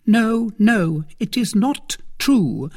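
A man voicing a scheming young noblewoman in an audiobook, with high, sharp, demanding questions. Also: slow pace. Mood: anxious. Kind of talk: audiobook character voice.

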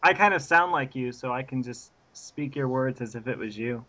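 A man's voice: mid-range voice, normal speed, pushed and bright, highs cut off. A man co-hosting a podcast in casual chat over an internet call, laughing easily and good-humored. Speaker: podcast co-host.

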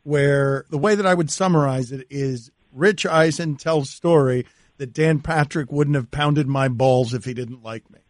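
A man's voice: mid-range voice, a little slow, dry recording, clean studio sound. A man hosting a casual radio interview, teasing his guest and summing up his stories. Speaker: radio show host.

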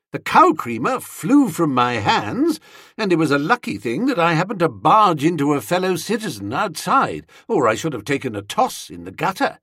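A man reading a first-person comic novel as an audiobook narrator, with lively, expressive storytelling. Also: on the high side, no room sound, clean studio sound.

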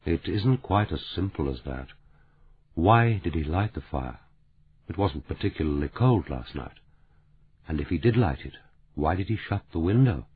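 A composed older man talks quietly and deliberately, as read by a male audiobook narrator. The voice sits low and husky. The recording is thin and phone-like. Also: lively intonation. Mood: quiet, calm. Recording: narrow phone-like audiobook sound.

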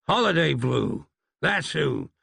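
A man's voice: a little high, very animated, slow, vocal fry, sharp tone, husky, dry recording, studio quality, full character voice. A man doing a blustering lawman. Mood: indignant. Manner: rambling folksy bluster. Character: blustering Wild West lawman, folksy and long-winded.

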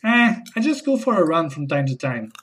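A man hosting a comedy podcast, playing a baffled dinner guest with slow, hesitant, bewildered replies. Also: a little high, sing-song, a bit bright. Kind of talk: comedy sketch and podcast narration.

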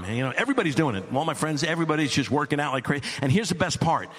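Exasperated stand-up dad, animated. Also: male voice, on the high side, rapid-fire, few pauses. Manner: animated, rising to near-shouts when exasperated. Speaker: stand-up comedian. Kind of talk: stand-up storytelling.

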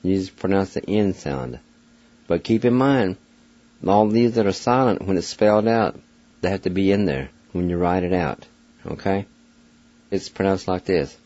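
An older man with a low, mellow voice teaches a slow, patient pronunciation lesson. He spells each word letter by letter and repeats it. The sound is dull and lo-fi, like an old radio broadcast, and very dry. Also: no room sound.

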